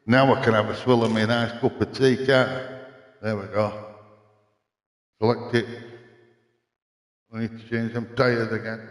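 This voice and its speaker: A man's voice: lowish voice, flat delivery, a little slow, pauses often. An older man, chatting casually and rambling with a chuckle as he streams a racing game from his home rig. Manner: rambling, chuckling, self-mocking. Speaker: gaming streamer. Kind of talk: casual live-stream chat while playing a racing game. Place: home gaming rig in a makeshift cardboard box. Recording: echoey room with long reverb.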